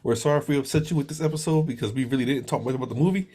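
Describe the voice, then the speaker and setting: A man's voice: mid-range voice, racing, mellow. A man co-hosting a movie podcast, rambling with crude jokes and frequent restarts. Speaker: podcast co-host. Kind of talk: casual chat.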